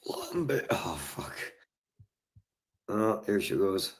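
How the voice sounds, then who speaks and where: A hoarse man chatting on his livestream, his voice nearly gone. He talks slowly and lazily in a low register, swearing freely as he goes. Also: animated. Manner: sweary and laid-back. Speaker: streamer. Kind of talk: casual livestream chat.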